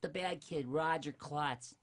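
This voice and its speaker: A man's voice: a little high, unhurried, fairly bright tone. A man voicing a painfully shy eleven-year-old cartoon boy, timid and hesitant.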